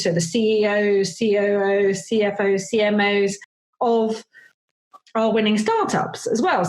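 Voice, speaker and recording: A woman's voice: fairly high pitch, low-quality recording. A woman hosting a podcast interview in a chatty, rambling way, with fillers and frequent laughter. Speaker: podcast host. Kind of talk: casual podcast chat.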